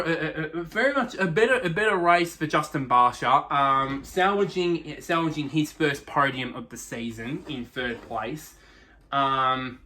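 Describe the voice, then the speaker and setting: Bright-voiced rambling young man. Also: on the high side. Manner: rambling, many restarts and fillers. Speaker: motorsport review host. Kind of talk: casual unscripted race recap.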